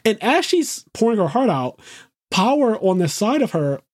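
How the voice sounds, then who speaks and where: A man talking casually and with lots of energy, his pitch bouncing widely as he acts out quotes. The sound is dry and close, with no room around it. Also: moderate pace, no room sound. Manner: animated, swearing, acts out quotes. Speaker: podcast co-host. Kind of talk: casual chat.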